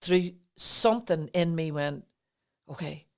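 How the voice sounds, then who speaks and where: A middle-aged woman with a deep voice, speaking at normal speed, tells her personal story earnestly and emotionally while a guest on a podcast interview.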